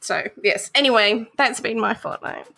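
A woman's voice: fairly high pitch, moderate pace, creaky, pushed and bright. An Australian woman telling a funny travel story in casual chat, swearing freely and acting out the people she met.

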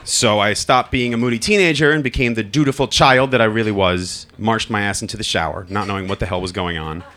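Speaking in a lowish, brisk voice with a sharp tone, a man from Long Island, New York, tells a personal story live. He's candid and wry, and he swears freely.

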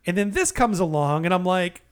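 Animated higher-voiced man riffing on beer. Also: moderate pace, smooth. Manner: animated, profane, exaggerated storytelling. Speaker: podcast co-host. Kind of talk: casual beer-review banter.

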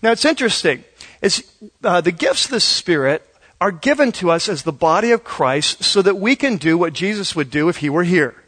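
A man's voice: sits high, very animated, normal speed, fairly bright tone. A male pastor preaching a sermon in a conversational, storytelling way, acting out bits of dialogue.

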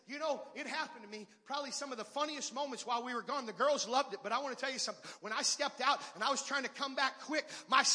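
High-voiced shouting preacher. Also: male voice. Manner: swings from quiet talk to shouted, sing-song preaching. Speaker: pastor. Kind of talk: pentecostal sermon. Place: large church hall. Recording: long church hall reverb.

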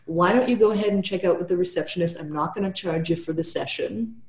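A woman's voice: lowish voice, quick pace, a little mellow, roomy sound. A woman therapist telling a client story in casual podcast talk, tagging nearly every sentence with "right?" and "you know".

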